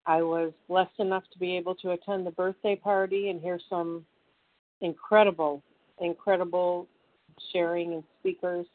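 A woman's voice: lowish voice, level tone, fairly quick, few pauses, no room sound. Heartfelt woman caller on a phone line. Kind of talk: personal recovery share. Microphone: phone call-in. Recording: dry tinny phone line.

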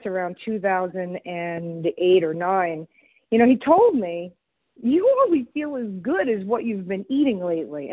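A woman's voice: medium pitch, no echo. A woman from Long Island, New York, sharing candidly at a recovery meeting and quoting family members. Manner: candid, animated, quotes others. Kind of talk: personal recovery share. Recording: tinny phone line.

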